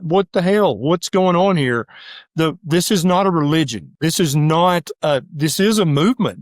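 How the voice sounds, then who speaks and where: A middle-aged man speaks in a lively, emphatic manner, with a voice that sits slightly high for a man. He fires off his points quickly and slips into the voices of imagined critics. The sound is close and dry. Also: dry recording. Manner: emphatic, rapid-fire, acts out voices of critics. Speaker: doctor and guest. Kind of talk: animated casual interview talk.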